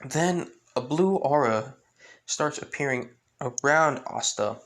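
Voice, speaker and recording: A man's voice: medium pitch, lively intonation, takes it slowly, fairly bright tone. A man improvising fan-fiction narration, rambling, with many restarts. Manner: rambling, full of restarts and with-clauses. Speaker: fan storyteller.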